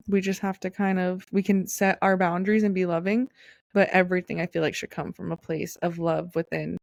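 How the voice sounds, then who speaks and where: A woman's voice: fairly low pitch, creaky, darkish tone, no room sound, clean studio sound. A young adult woman hosting her own podcast, talking in an earnest, rambling monologue full of fillers and restarts. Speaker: podcast host. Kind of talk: casual personal monologue.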